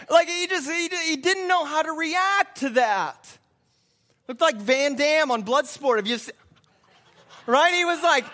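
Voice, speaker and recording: Man, preacher, earnest and reflective, very high bright voice, sermon. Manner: earnest, reflective, repeats words often. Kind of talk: sermon storytelling.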